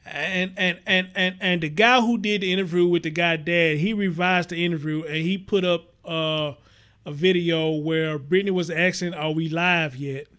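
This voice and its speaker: Houston livestream host, high-voiced man, blunt and profane, repeats points, greets chatters. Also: steady tone, normal speed, a bit bright, clear, resonant tone. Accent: Southern US, Houston. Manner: blunt, profane, repeats himself, reads viewer comments aloud. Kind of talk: casual livestream commentary.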